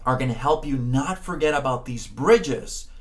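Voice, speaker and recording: A man teaching a Spanish pronunciation lesson, encouraging the learner, often checking in with "okay?", and drawing out words slowly to model them. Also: medium pitch, lively intonation. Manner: slow, drawn-out words when modeling sounds. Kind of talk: spoken language lesson.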